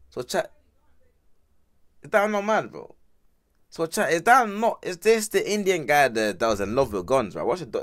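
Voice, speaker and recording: A man's voice: mid-range voice, fairly bright tone. A man streaming a casual reaction, talking to his chat in slang and laughing often. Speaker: streamer reacting to a music video.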